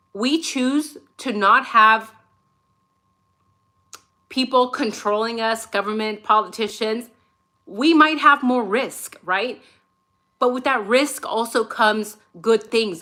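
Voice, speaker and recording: A woman's voice: medium pitch, pushed and bright. A woman hosting her own channel, talking through her opinions in a loose, conversational way and tagging her points with "right?". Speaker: channel host. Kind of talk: casual opinion commentary.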